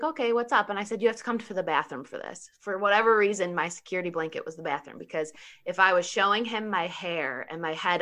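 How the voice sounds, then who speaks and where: A woman telling a personal story in casual conversation, animated, laughing often and saying 'like' a lot. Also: lowish voice.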